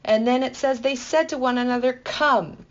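A woman leading a conversational Bible teaching, explaining the text in a playful, enthusiastic way with lively asides. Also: high voice, quick pace, dull audio.

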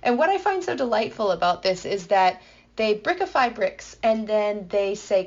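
A woman explaining a Bible passage in a playful, enthusiastic way, building excitement as she goes. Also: a little high, normal speed, dull audio. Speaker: Bible teacher. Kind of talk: explanatory podcast talk.

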